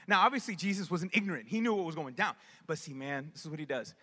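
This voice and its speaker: A man preaching a sermon as a pastor, talking in a lively, conversational way and acting out voices. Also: high voice, a little fast, hardly any pauses. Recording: echoey hall with long reverb.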